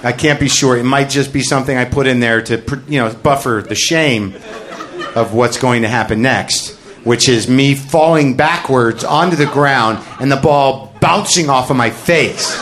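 A man's voice: mid-range voice, a little slow. Self-mocking male stand-up storyteller. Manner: rambling, self-deprecating confessional storytelling; jumps into loud shouted character bits. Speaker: stand-up comedian. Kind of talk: stand-up comedy routine.

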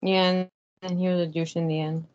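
A woman's voice: on the low side, level tone, a little fast, a little mellow, dry recording. Woman giving brief, dry replies. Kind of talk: casual chat. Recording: dull lo-fi, dry.

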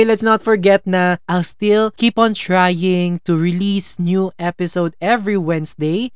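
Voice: clean tone, no echo, studio quality. Playful Filipino-accented podcast host. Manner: playful and chatty, with sudden bursts of high, excited greetings. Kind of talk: casual solo podcast monologue.

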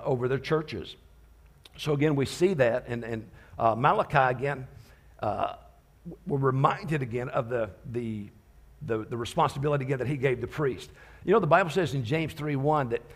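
A man preaching a sermon as a visiting pastor, talking conversationally with restarts and light teasing. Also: mid-range voice.

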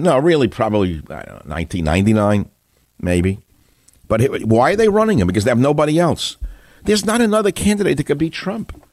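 Older male talk radio host, low-pitched, combative ranting delivery, dry close sound. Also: dry recording. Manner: combative, ranting, storytelling with sudden rises in pitch. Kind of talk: political talk radio monologue.

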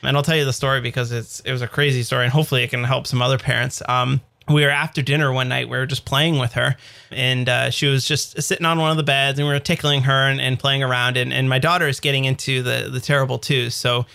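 Podcast co-host, man, thirties, crisp tense tone with fry, casual and full of restarts. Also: mid-range voice, level tone, fast talker, pushed and bright. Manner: rambling storyteller with many fillers and restarts. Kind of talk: casual chat.

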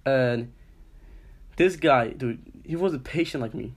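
A man's voice: medium pitch, takes it slowly, slightly rough. Young man ranting profanely. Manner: profane, animated storytelling with lots of "I was like". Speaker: podcast co-host. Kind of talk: casual chat, storytelling.

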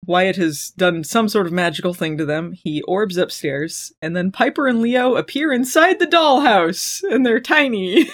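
A podcast co-host recapping a TV episode in casual chat, sarcastic and quick to laugh. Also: mid-range voice. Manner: animated, sarcastic, laughs often.

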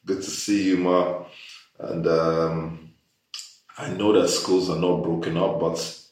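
Deep-voiced guy chatting and joking around, sounds incredulous, mic far away. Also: flat delivery, takes it slowly, a little mellow. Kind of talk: casual chat and storytelling. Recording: echoey room, mic far off.

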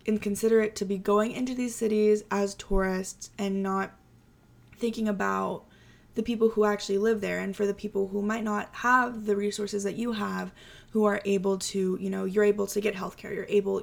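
A woman's voice: medium pitch, gravelly. A young adult woman hosting a solo podcast, talking in a chatty, casual way with lots of "like" fillers. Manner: chatty, full of "like" and "you know" fillers. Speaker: podcast host.

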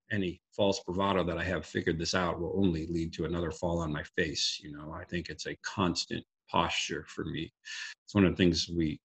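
Low gravelly man in earnest faith talk. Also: a bit bright. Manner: earnest, quotes scripture, frequent restarts. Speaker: guest speaker sharing a devotional. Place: group call.

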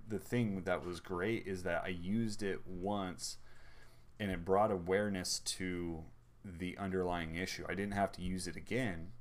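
A man in his thirties, a podcast co-host, telling rambling family anecdotes in casual chat and acting out the quotes. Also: sits low.

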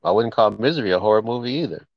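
Deep-voiced man, dry, slightly dull sound. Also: expressive, racing, no room sound. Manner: joking, drops into gangster impressions. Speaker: podcast co-host. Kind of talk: casual chat.

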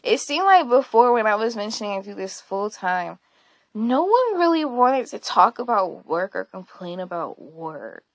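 A woman's voice: medium pitch, big pitch swings, normal speed, no echo. A woman hosting a casual solo podcast, talking candidly and rambling, often laughing and swearing along the way. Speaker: podcast host.

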